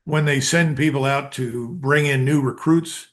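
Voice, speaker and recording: A man's voice: mid-range voice, steady tone, measured pace. An older American man and retired colonel, a guest giving blunt, emphatic answers in an interview. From United States. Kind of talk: interview commentary.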